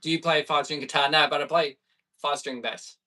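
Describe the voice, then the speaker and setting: Bright-voiced Australian man chatting on stream. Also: on the high side, steady tone, quick pace, distant mic, soft background music. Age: 30s. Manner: chatty and easygoing, reading viewer questions aloud. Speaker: streamer and bass player. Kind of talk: casual live-stream chat with viewers.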